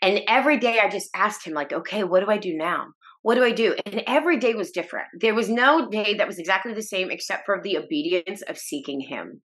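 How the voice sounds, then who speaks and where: A woman's voice: mid-range voice, brisk, hardly any pauses, fairly bright tone. A woman telling her faith testimony as a podcast guest, earnest and emotional, with restarts and short laughs. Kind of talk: personal testimony in a podcast interview.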